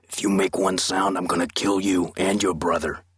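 A man's voice: deep voice, little pitch movement, normal speed, husky, dry recording, studio quality. A man whispering as a scratchy masked intruder. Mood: menacing whisper. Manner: threatening, hushed. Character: menacing masked male intruder, adult.

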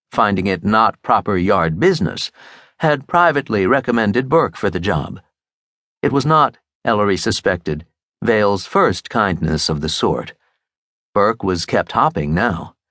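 A man narrating a mystery audiobook in a crisp, expressive storytelling manner. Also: lowish voice, normal speed, no echo, studio quality. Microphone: close studio mic.

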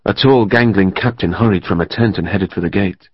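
A man reading a historical novel as audiobook narrator, in a steady, even storytelling manner. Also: low-pitched, fairly quick, breathy edge, dry recording. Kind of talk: scripted narration. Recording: dry, slightly muffled studio.

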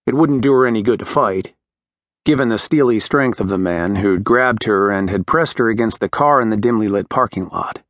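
A man narrating a dramatic novel in a measured, scripted reading as an audiobook narrator. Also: on the low side, dry recording, clean studio sound.

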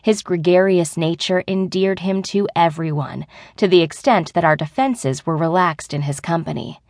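Low-voiced woman audiobook narrator. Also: normal speed, darkish tone, no echo, clean studio sound. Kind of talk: scripted first-person narration.

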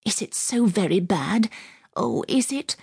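A woman narrator voicing a frightened young English lady who pleads in a high, panicked voice. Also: expressive, unhurried, gravelly, darkish tone, husky, no echo, studio quality, heavily acted.

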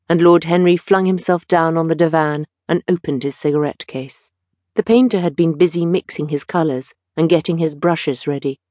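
Low-voiced woman narrating an audiobook. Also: dark tone, dry recording, studio quality. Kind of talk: scripted narration.

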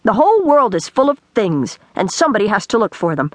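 A woman voicing a bold, cheerful girl who boasts freely in a quick, bright way. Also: mid-range voice, sing-song, no room sound.

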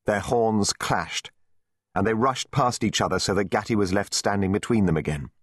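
A man narrating an audiobook for children with lively storytelling. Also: lowish voice, normal speed, no echo, studio quality. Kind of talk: scripted narration.

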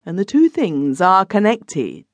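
A glib young gentleman in debt, as an audiobook narrator puts him on, teasing and wheedling in a raised, lively voice. Every line sounds dry and close to the mic, with no room sound. His pitch swings freely. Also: a little slow, no echo, full character voice.

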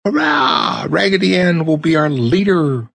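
A man voicing an excited chorus of toy dolls in a high, squealing group cheer. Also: moderate pace, slightly rough, dry recording.

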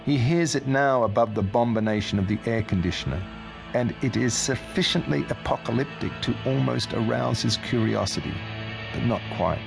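A man narrating a literary novel as an audiobook in a steady, dry manner. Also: mid-range voice, moderate pace, gravelly, over music.

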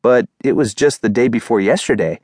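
A man voicing a calm, patient male dog who leads his friends with coaxing questions. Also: mid-range voice, a little fast, dry recording, studio quality, natural voice.

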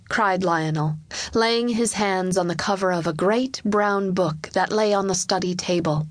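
Woman narrator, children's audiobook; slow, dry studio read. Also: mid-range voice, no room sound. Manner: slow, storyteller-like.

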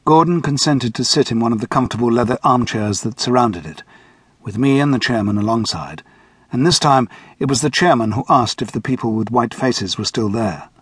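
Male narrator reading a thriller audiobook, slightly husky, dry booth sound. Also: mid-range voice, dry recording. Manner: measured, steady storytelling. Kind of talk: scripted first-person audiobook narration. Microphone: close studio mic.

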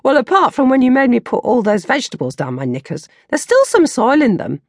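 Woman doing a vague, high teenage girl. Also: huge pitch swings, brisk, dry recording, studio quality, exaggerated voice. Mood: chatty. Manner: vague, plodding and literal-minded. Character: dreamy, rambling teenage schoolgirl best friend.

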